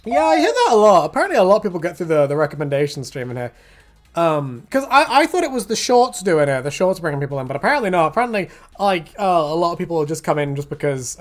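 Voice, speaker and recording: A woman's voice: sits low, sing-song, quick pace, faint music behind. An English woman ranting and joking crudely on a casual livestream, swearing freely. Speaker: streamer.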